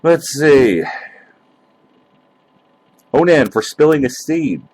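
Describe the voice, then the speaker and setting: A man's voice: fairly high pitch, sing-song, takes it slowly, a little mellow, slightly rough, no echo, low-quality recording. A man hosting a solo podcast, talking in a loose, rambling way that is profane and mocking. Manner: loose and rambling with many fillers. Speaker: podcast host. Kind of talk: casual solo podcast rant.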